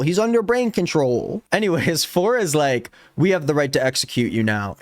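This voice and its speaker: A man in his twenties recapping a novel in a casual vlog, sarcastic and animated, slipping into mock voices and laughing as he goes. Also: on the high side, no room sound, clean studio sound. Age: 20s. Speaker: book vlogger.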